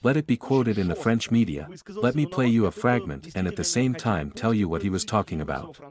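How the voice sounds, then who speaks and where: A man's voice: fairly low pitch, lively intonation, fairly quick, crowd noise. A man giving political commentary as a voice-over, arguing in a sarcastic tone. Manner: sarcastic, argumentative.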